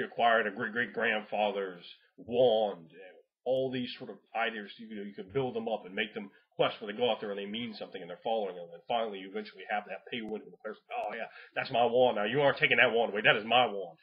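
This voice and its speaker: Rambling guy w a husky voice giving gm tips, swears a lot, laughs, muffled lo-fi audio. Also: lowish voice. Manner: rambling, profane, laughs often, acts out players in voices. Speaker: game master giving tips. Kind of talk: casual advice monologue. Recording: dull lo-fi home recording.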